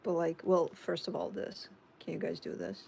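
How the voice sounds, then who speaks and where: A woman with a Chicago accent chats through viewer comments on her live stream. Her voice sits low and gravelly with plenty of fry, over a faint background hum. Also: flat delivery, moderate pace, darkish tone. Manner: chatty, reads viewer comments aloud and answers them. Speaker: tarot reader hosting a live stream. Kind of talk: casual live-stream chat reading comments.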